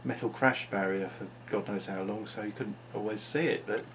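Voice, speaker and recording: A man's voice: lowish voice, steady tone, moderate pace, fairly bright tone, slight background noise. A man talking unscripted into his vlog, musing and rambling with frequent restarts. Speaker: vlogger.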